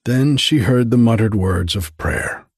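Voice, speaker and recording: A man narrating a classic story aloud in a measured, deliberate reading. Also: medium pitch, husky, no echo, studio quality. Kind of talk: scripted audiobook narration.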